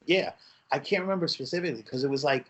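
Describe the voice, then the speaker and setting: A man in his forties with a light New Jersey accent, reminiscing in lively casual chat on a podcast. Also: fairly high pitch, quick pace, breathy edge.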